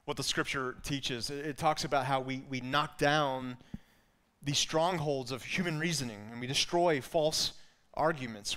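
A pastor with an Alabama accent preaches earnestly in a sharp, medium-pitched voice. He often repeats words as he builds toward a point.

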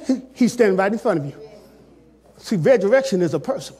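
A man preaching a sermon as pastor, talking straight to the congregation in a colloquial way, dropping to soft, drawn-out phrases and then rising to shouted climaxes. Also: sits high, lively intonation, slightly rough. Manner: colloquial, addresses the congregation directly.

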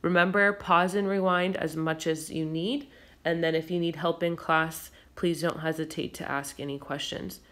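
A woman teacher explaining a recorded grammar lesson patiently and clearly, with occasional fillers. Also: sits low, steady tone, normal speed, fairly bright tone.

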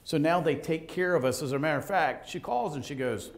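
A middle-aged man preaching a lively sermon in a church, joking with the congregation and acting out conversations as he tells stories. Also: on the high side, fairly quick. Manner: animated, joking, acts out conversations. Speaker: pastor. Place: church sanctuary.

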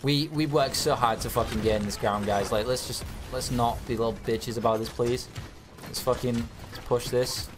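A man's voice: medium pitch, fairly even intonation, moderate pace, music in the background. A young man giving live commentary over his own game, swearing and urging his team on. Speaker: gamer streaming commentary.

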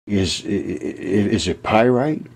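A man talks over his amateur video, earnest and halting, stumbling and restarting his sentences. His voice is low and husky. He is played back from his own video clip. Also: expressive, darkish tone. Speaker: presenter of an amateur science video. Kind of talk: casual video narration.

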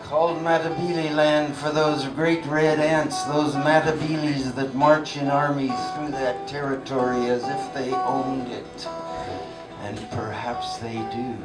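A man performing a folk song, chanting a slow refrain and speaking storytelling verses between the sung parts. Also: medium pitch, flat delivery. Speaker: folk singer. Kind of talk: folk song with spoken interludes. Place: live folk venue. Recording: roomy live recording, distant mic, guitar behind. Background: guitar accompaniment.

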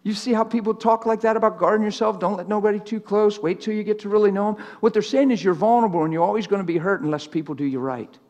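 A man's voice: sits high, fast, few pauses, darkish tone, long reverb tail. Middle-aged man preaching, plain-spoken and teasing. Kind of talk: live sermon. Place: church.

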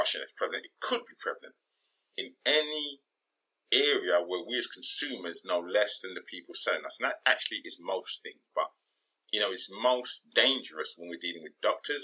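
A man's voice: on the low side, lively intonation, brisk, pushed and bright, slightly rough, low-quality recording. A man, middle-aged, talking bluntly in a casual podcast monologue and swearing for emphasis. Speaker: podcast host.

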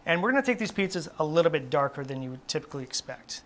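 A man working as a test cook, giving a steady, step-by-step cooking demonstration in a test kitchen studio. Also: a little high, rapid-fire. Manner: steady, instructive, explaining each step.

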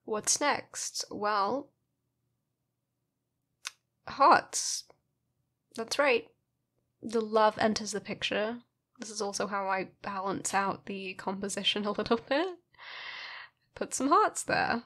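A woman's voice: medium pitch, takes it slowly, pauses often, a bit bright. A woman narrating her painting in a casual voice-over, playful and self-mocking, sleepy from having just woken up.

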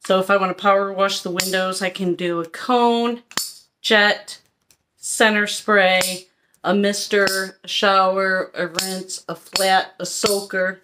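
A woman's voice: medium pitch, level tone, slow, background noise. A woman vlogger chatting her way through a haul review, frank and rambling.

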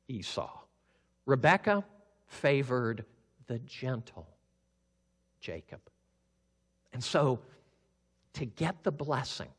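Slow-speaking pastor in a reverberant hall. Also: male voice, medium pitch. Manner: animated, acts out characters. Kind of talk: sermon storytelling.

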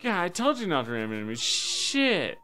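A man streaming a game live, cursing and talking to himself, swinging between loud high yelps and low muttering. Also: huge pitch swings, moderate pace, a little hiss or hum. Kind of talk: live gameplay commentary.

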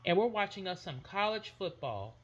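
A woman's voice: mid-range voice, very animated, moderate pace, muffled recording. A woman voicing Mario, a cheerful, chatty male plumber and football fan, in a kids' toy play video. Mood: excited.

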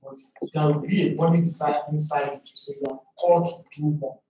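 A man's voice: on the high side, fairly even intonation, brisk, mellow. A man in his forties telling an earnest, preacher-like story as a panel guest. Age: 40s. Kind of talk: testimony at a live panel. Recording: very echoey hall, mic far off.

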